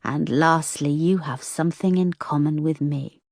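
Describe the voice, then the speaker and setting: A woman reader voicing a muffled, calm female killer speaking slowly over the phone in a whispery voice. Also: low-pitched, no room sound, studio quality. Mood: cold, calm. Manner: slow, calm, menacing.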